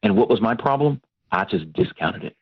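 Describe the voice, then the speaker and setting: A man from Texas, a pastor and Christian counselor, giving an animated personal testimony in a radio interview. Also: lowish voice, a little fast, breathy edge. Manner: animated storytelling, acts out quoted voices. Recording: dull lo-fi radio broadcast.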